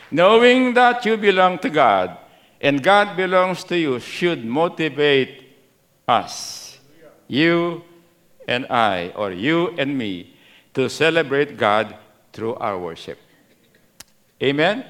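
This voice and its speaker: A middle-aged male pastor with a Filipino Kapampangan accent, preaching a sermon, repeating key phrases slowly and asking the congregation for responses. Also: on the high side, big pitch swings, a bit bright.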